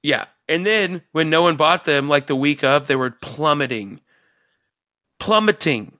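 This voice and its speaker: A man co-hosting a casual podcast chat, talking excitedly and swearing freely as he rambles through fillers. His voice sits a bit high and sounds bright and tense. The sound is dry and close. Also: measured pace, no echo. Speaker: podcast co-host.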